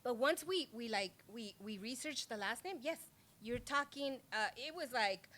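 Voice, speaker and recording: Woman host with a slightly high voice, animated storyteller in easy interview chat. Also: moderate pace. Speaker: show host.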